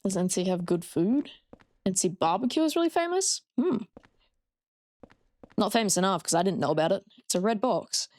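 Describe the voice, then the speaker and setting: Young Australian woman, game streamer, mid pitch, dry close sound, chatty and blunt. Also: big pitch swings, normal speed, pauses often, a little mellow, no room sound. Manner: chatty, reading out chat, frank with swearing. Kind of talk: casual gameplay commentary.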